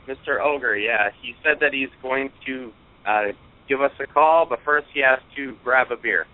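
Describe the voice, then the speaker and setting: A man's voice: mid-range voice, normal speed. A man co-hosting a casual internet radio show. He speaks in brief, easygoing remarks. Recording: tinny phone-like line with faint hiss.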